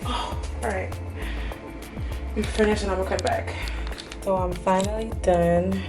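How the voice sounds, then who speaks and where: A woman's voice: mid-range voice, steady tone, unhurried, distant mic. A young woman and hairstylist talking candidly to camera in a casual vlog, chatty and full of "like". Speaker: hairstylist and vlogger. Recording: roomy echo, faint music.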